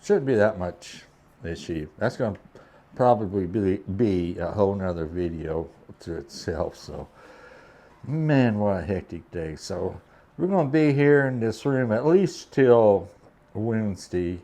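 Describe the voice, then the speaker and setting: A man's voice: fairly low pitch, lively intonation, unhurried, warm tone. A truck driver telling a casual vlog story from a hotel room. He talks in an easygoing, rambling way and often drops in "man".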